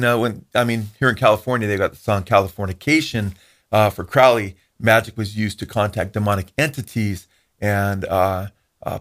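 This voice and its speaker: A man co-hosting a Christian talk show, explaining things matter-of-factly. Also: lowish voice. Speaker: co-host. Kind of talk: casual commentary.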